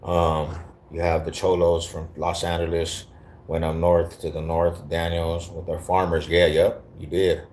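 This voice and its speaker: A man's voice: low voice, completely flat delivery, unhurried, a little mellow, slight background noise. A man from Denver with an East Denver accent, chatting casually on a live stream, slangy and profane. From Denver, Colorado. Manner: slangy, profane, laid-back banter. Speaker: livestreamer reading chat.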